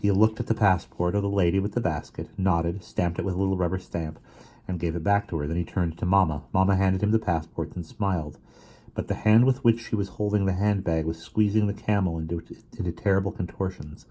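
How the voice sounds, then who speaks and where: A man reading a children's novel aloud in steady storytelling narration. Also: low voice, a little fast. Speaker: reader.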